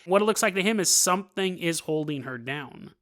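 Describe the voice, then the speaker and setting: A man hosting a podcast, telling a story casually with joking asides and quick laughs. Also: high voice, animated, fairly bright tone. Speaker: podcast host.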